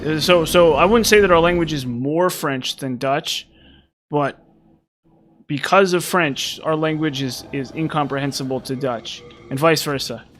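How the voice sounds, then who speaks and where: A man's voice: on the high side, measured pace, fairly bright tone, faint music behind. A young man casually commenting while he plays a game, rambling and musing with many restarts and fillers. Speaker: gaming channel host.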